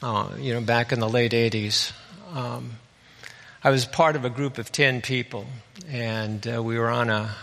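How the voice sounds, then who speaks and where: Bright-voiced preacher in an echoing hall. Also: male voice, mid-range voice, unhurried, vocal fry. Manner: relaxed, folksy retelling of scripture. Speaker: pastor. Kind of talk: conversational sermon storytelling. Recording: long reverb of a hall.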